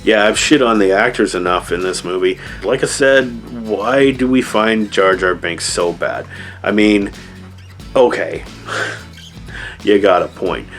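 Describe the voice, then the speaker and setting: A man's voice: fairly low pitch, slow pace, faint music behind. A man giving a casual, rambling movie review with sarcastic asides. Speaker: video reviewer.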